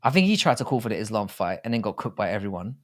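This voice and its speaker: English man, co-host, casual live chat, rambling, low-ish voice. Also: big pitch swings, very fast. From England. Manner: rambling, restarts often, chatty.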